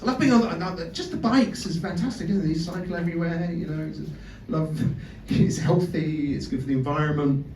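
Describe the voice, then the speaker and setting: A man's voice: a little high, brisk, few pauses, a little mellow, slight background noise. A man from Britain with a British accent doing a sweary, self-mocking stand-up comedy set in a club, with audience laughter behind him. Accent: British English. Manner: chatty, sweary, self-mocking, stammers on restarts. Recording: roomy live club sound from a distance. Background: audience laughter and chatter.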